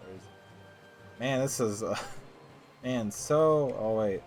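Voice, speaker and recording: A man's voice: medium pitch, animated, takes it slowly, darkish tone. A man giving casual, rambling let's-play commentary, joking and swearing as he plays. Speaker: gamer. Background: game music.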